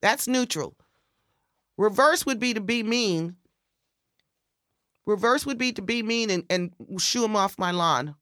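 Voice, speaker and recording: A woman in casual podcast chat, telling a story and acting out the quoted voices with big jumps in pitch. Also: animated, unhurried, long pauses, a bit bright, no echo, studio quality.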